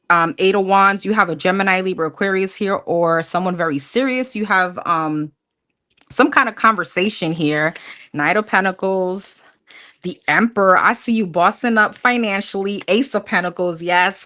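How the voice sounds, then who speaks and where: A woman's voice: medium pitch, fairly bright tone. A woman doing a live tarot reading, talking bluntly and casually, swearing freely and calling her viewers honey. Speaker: tarot reader.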